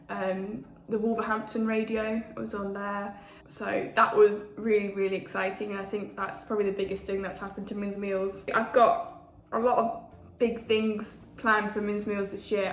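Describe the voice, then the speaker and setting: A woman in her 20s with a mid-range voice chats casually between bites for a food vlog. The mukbang is recorded in an echoey room with faint ambience and slight background noise.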